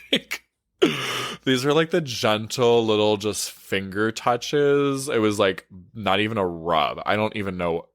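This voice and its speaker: Guy coach spilling a story, swears a lot, says like constantly, low-ish voice, takes his time. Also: a bit bright, no room sound, clean studio sound. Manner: frank, profane, full of "like" fillers and laughs. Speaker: relationship coach. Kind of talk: casual storytime.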